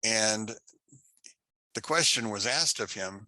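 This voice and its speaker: A man teaching an unscripted Bible class, telling a story slowly and haltingly with many restarts. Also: lowish voice, sharp tone, dry recording. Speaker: Torah teacher.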